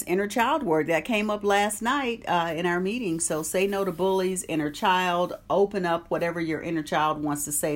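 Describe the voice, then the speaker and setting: A woman hosting an online meditation group, chatting casually, greeting viewers by name and reading from an oracle card. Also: fairly low pitch. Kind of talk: casual live-stream chat and card reading.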